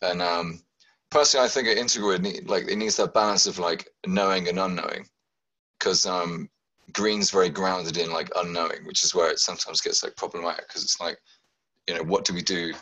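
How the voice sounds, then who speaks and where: Deep, husky man musing hesitantly. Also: fairly even intonation, brisk, sharp tone, rough recording. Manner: hesitant, heavy use of "like" and "kind of". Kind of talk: casual group discussion.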